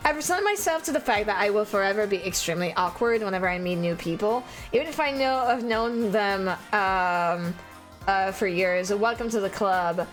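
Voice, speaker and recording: A woman's voice: medium pitch, lively intonation, moderate pace, soft background music. A young adult woman streaming and chatting casually, rambling and giggling often while teary and emotional. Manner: giggly, rambling, self-deprecating.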